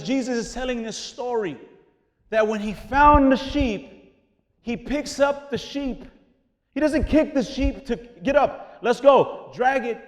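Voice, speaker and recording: A man preaching a sermon in an animated, conversational way, dropping casual slang as he explains. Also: high-pitched, in a large hall. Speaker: pastor.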